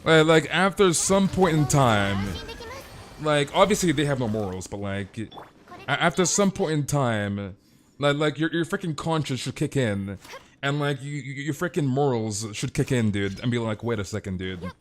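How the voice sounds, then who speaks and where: A man's voice: mid-range voice, expressive, moderate pace, a little hiss or hum. A man streaming a game and ranting in casual chat, swearing and filling his talk with "dude" and "like.". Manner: swears and repeats himself.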